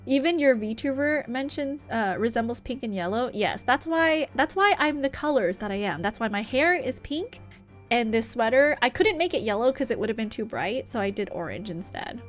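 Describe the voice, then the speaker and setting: Giggly young woman streaming a game, kinda high voice, reads the lines out loud, faint music behind. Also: expressive, moderate pace. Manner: chatty, reads game dialogue aloud, giggly. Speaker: VTuber streamer. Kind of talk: casual live-stream gameplay chat.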